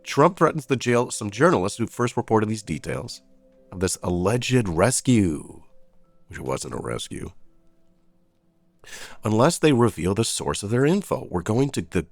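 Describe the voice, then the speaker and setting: A man's voice: lowish voice, big pitch swings, a little slow, long pauses, no echo, faint music behind. A man reading out daily headlines and breaking off into sarcastic, informal asides as a news commentator. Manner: reads headlines then adds sarcastic asides.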